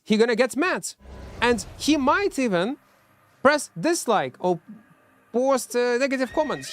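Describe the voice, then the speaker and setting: A man streaming a game, chatting casually and mocking himself, answering chat and humming between plays, in non-native English. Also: sits high. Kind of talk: casual live-stream chat while playing.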